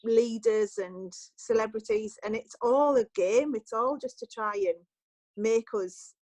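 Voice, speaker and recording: A woman's voice: fairly high pitch, unhurried, dry recording, low-quality recording. A woman, a journalist guest on a podcast, telling an anecdote in casual chat and acting out the lines people said. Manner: lively storytelling, acts out quoted lines.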